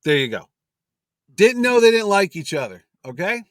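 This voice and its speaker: Animated storytelling man, slightly high voice. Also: moderate pace, no room sound, studio quality. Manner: animated storyteller, acts out quotes. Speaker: guest, convention promoter. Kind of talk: casual anecdote telling.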